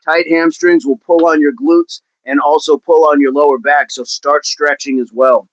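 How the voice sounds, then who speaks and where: A man talks with viewers as a fitness coach on a livestream, keeping an upbeat, encouraging tone and repeating his phrases. His voice sits a little high for a man. The sound is dull and dry, with no room echo. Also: little pitch movement, normal speed.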